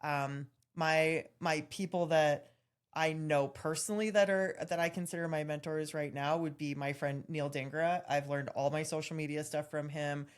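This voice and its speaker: A woman with a notably low, deep speaking voice chats casually as a podcast co-host. She tells candid stories in an animated way, with bursts of laughter. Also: moderate pace, clear, resonant tone. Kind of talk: casual chat.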